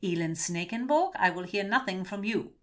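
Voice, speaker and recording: A woman voicing a vain, bossy young noblewoman who speaks in a high, loud, gushing and imperious way. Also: expressive, moderate pace, close to an everyday voice. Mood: commanding.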